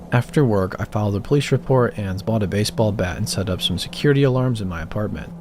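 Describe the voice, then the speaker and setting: A man calmly reading first-person horror stories as a scripted narration, with music behind him. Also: lowish voice. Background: background music.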